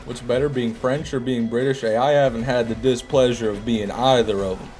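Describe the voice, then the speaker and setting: This streamer's voice sits at medium pitch, a little mellow, with fairly even intonation and a brisk pace. While playing a game on a casual live stream, he reads chat aloud and trades jokes and sarcasm with his viewers.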